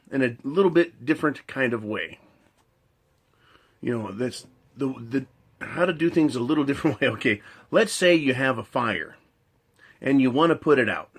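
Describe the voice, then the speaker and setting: A man's voice: mid-range voice, husky. A man ranting in a monologue. He swears a lot, repeats his points, builds long analogies and keeps asking "right?". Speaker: commentator.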